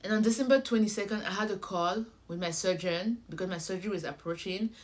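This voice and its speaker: A young woman shares a personal story in a casual vlog. She speaks in a natural mid-range voice and talks straight to her viewers. She acts out each conversation with lively energy. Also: medium pitch, fast. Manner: animated, acts out conversations, addresses viewers directly. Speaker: vlogger.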